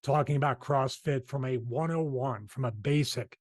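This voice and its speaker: A man's voice: medium pitch, normal speed, no room sound. Philly guy hosting a fitness show, rambles a bit, dry close mic. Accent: Philadelphia. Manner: rambling, self-deprecating, restarts often. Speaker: podcast host. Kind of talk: casual chat.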